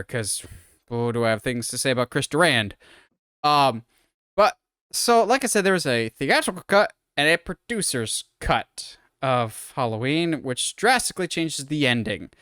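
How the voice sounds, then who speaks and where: A man's voice: a little high, very animated, unhurried, fairly bright tone, clean tone, no room sound, clean studio sound. A man co-hosting a podcast, rambling through an opinionated film breakdown in casual chat. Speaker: podcast co-host.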